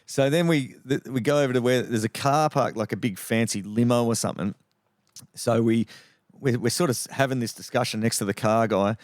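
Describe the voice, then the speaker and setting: A man's voice: mid-range voice, brisk, dry recording, clean studio sound. A middle-aged man from Western Australia with an Australian accent, a podcast guest telling rambling anecdotes full of swearing. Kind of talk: casual storytelling.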